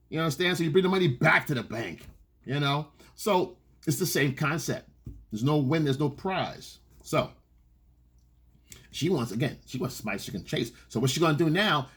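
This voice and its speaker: A man's voice: a little high, breathy edge. A man giving blunt, profane dating advice in an unscripted coaching monologue, repeating his points and acting out quoted lines.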